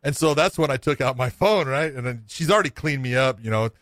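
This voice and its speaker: A man's voice: mid-range voice, expressive, fast, a bit bright, no room sound. Rambling middle-aged man telling a story. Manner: rambling, profane, self-mocking. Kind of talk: casual storytelling.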